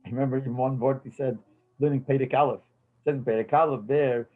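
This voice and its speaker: A man's voice: medium pitch, steady tone, fairly quick. Older man reminiscing over tinny audio. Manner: rambling recollection, mixing in Yiddish phrases. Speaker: interviewee recalling memories. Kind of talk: casual storytelling interview.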